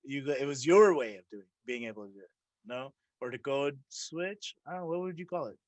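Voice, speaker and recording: A man hosting a podcast, teasing his guest in a wry casual chat and quick to laugh. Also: mid-range voice, lively intonation, no echo. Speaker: podcast host.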